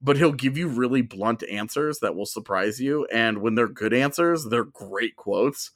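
A man's voice: mid-range voice, a bit bright, dry recording, studio quality. Rambling male hockey podcast co-host. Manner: rambling, self-interrupting, quick laughs. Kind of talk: casual sports chat.

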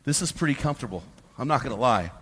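A man preaching a fiery sermon to a room of men, swinging from hushed lows to loud, fired-up peaks. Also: animated, quick pace, noisy background. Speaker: pastor. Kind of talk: sermon to a men's gathering. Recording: long hall reverb.

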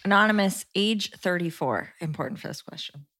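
A woman's voice: fairly low pitch, animated, a little fast, fairly bright tone. A young woman co-hosting a podcast, friendly and laughing easily as she reads out listener questions. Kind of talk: casual podcast chat.

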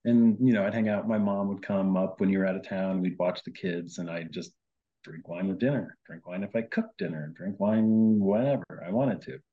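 A low-voiced man, a guest who is the host's husband, tells his side of a personal story in a casual chat, often quoting his own lines and using many fillers. His intonation stays fairly even at a normal speed, and the audio is lo-fi.

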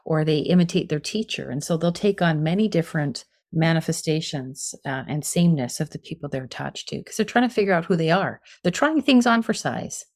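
Low-voiced woman explaining parenting. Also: lively intonation, brisk, hardly any pauses, a little mellow. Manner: earnest, explanatory, many fillers. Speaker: guest, parenting expert. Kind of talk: conversational interview.

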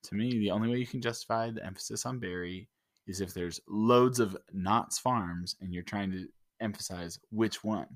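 A man's voice: fairly low pitch, normal speed. A man in his thirties co-hosting a parenting podcast, chatting casually and teasing with jokes. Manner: joking, teasing, playful. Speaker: podcast co-host. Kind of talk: casual chat.

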